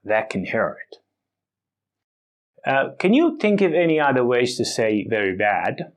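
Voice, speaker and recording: A man teaching an English vocabulary lesson, speaking deliberately and exaggerating the stress on words for emphasis. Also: mid-range voice, very animated.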